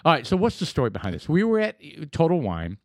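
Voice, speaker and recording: A man's voice: fairly high pitch, wildly swooping pitch, fast talker, no room sound, clean studio sound. A man co-hosting a podcast in casual banter, talking emphatically and often repeating himself. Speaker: podcast co-host.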